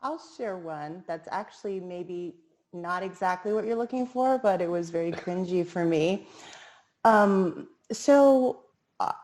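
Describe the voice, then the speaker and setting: A woman speaks on a panel and recounts an early audition in a chatty, conversational way. Her voice is on the low side for a woman, and she pauses often with fillers. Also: darkish tone. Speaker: panel guest, performer. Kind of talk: casual storytelling on a panel.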